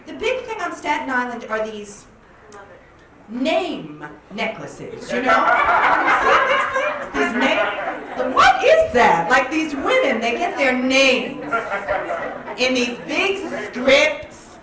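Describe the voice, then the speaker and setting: A woman doing a stand-up comedy set, animated and jokey, in a comedy club with an audience. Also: high voice, slow pace. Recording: echoey club from far off, loud crowd. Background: audience laughter.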